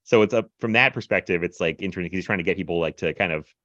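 A man casually reviewing a film in animated, rambling podcast chat, full of fillers and laughs. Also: low-pitched, rapid-fire, no room sound, muffled recording. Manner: animated, filler-heavy retelling with laughs and mimicry.

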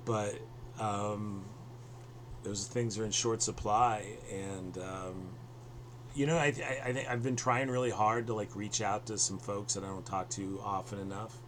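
A man's voice: lowish voice, steady tone, a little slow, a bit bright, a little hiss or hum. A man hosting a podcast over a video call, rambling with many fillers and restarts. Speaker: podcast host.

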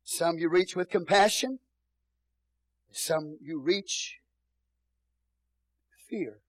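A middle-aged male pastor with a Texan accent preaching a sermon, swinging between booming shouts and soft murmurs. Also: drawn-out words, no room sound, low-quality recording.

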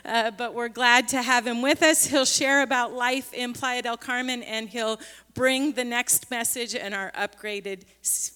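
A female pastor welcomes a church congregation and makes announcements in an unhurried way with a few fillers. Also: a little high, fairly even intonation, pushed and bright, clean tone, big-room sound. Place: church sanctuary.

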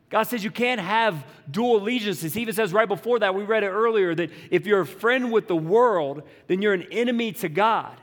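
A man's voice: high voice, big-room sound. A man preaching a sermon as pastor, talking in a casual, conversational way with slangy asides and playful voiced quotes.

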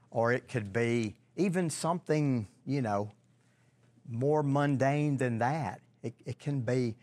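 Man, Bible teacher; unhurried, halting delivery with repeated words and questions to the room, medium pitch. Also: a little mellow.

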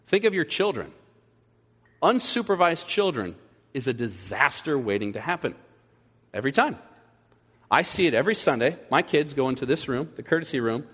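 Animated male preacher in a reverberant hall. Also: mid-range voice, normal speed, pauses often, slightly rough. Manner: animated, acts out little scenes in other voices. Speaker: pastor. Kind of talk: sermon. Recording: echoey hall with long reverb.

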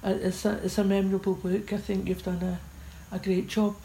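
A woman's voice: medium pitch, little pitch movement, brisk. A Scottish woman hosting a casual chat, encouraging and full of fillers. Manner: warm encouraging, many fillers. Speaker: podcast host. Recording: roomy with faint ambient noise.

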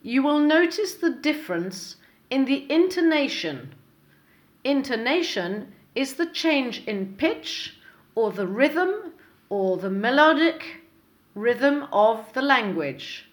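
Slow, lively-voiced woman teaching English. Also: fairly high pitch. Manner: slow, clear, with exaggerated intonation in examples. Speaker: English teacher, podcast host. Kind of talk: scripted language lesson.

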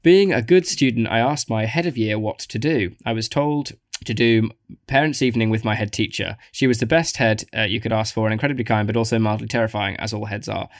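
A man's voice: lowish voice, a little fast, no room sound, studio quality. A man co-hosting a casual podcast, reading listener emails aloud and adding joking asides. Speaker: podcast co-host.

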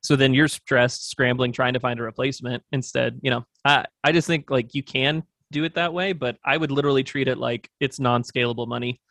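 A man's voice: medium pitch, fairly even intonation, brisk, vocal fry, hardly any pauses, a bit bright, no echo, studio quality. A man guesting on an interview show, talking through business plans in a thoughtful, rambling way with lots of fillers. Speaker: agency owner, podcast guest. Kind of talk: casual interview talk.

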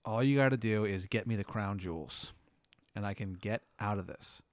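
A man's voice: on the low side, normal speed, dry recording, lightly acted. Man doing a bargaining octopus criminal, pushy, dry close sound. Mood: persuasive. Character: scheming male octopus with a criminal's brain.

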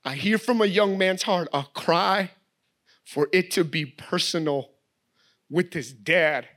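High-voiced animated preacher man. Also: takes it slowly. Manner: animated storytelling, voices his daughter. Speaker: guest preacher. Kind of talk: sermon.

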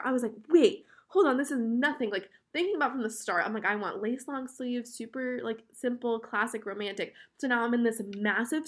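A woman's voice: on the high side, fairly bright tone. A young woman hosting a podcast, telling a casual, chatty story and quoting herself a lot. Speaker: podcast host.

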